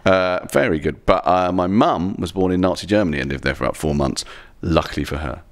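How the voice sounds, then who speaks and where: A man's voice: low-pitched, brisk, no room sound. A man guesting on a chat show, telling rambling, self-deprecating comic stories in a casual way. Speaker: comedian guest.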